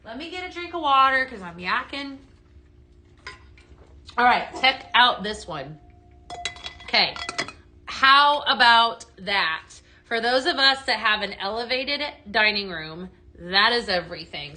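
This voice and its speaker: A woman's voice: fairly high pitch, sharp tone. A woman hosting a chatty live home-decor sales stream from her home, reading viewer comments aloud.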